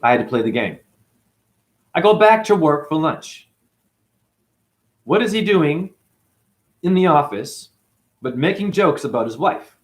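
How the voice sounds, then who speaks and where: A janitor dealing with chronic hip pain tells his vlog audience about a conflict with his boss at work, emotional and quoting people in acted voices. His voice is fairly high with big pitch swings, and he's unhurried, pausing often.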